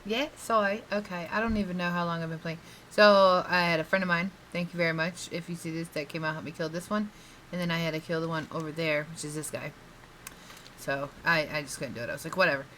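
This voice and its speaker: A woman's voice: lowish voice, steady tone, brisk, fairly bright tone, a little hiss or hum, low-quality recording. A woman vlogging casually while she plays a game, rambling and laughing often. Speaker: gaming vlogger. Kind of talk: casual chat while playing. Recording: faint game music behind.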